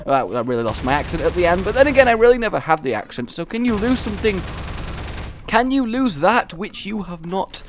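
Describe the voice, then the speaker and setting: A man's voice: high voice, very animated, fairly quick, slight background noise. A man giving rambling, silly, self-mocking gameplay commentary. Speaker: game commentator.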